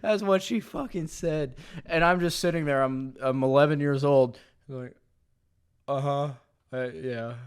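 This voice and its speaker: A man's voice: fairly high pitch, steady tone, moderate pace, smooth. A young man hosting a casual solo podcast, telling rambling stories full of profanity and crude jokes, talking in a room at home. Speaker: podcast host.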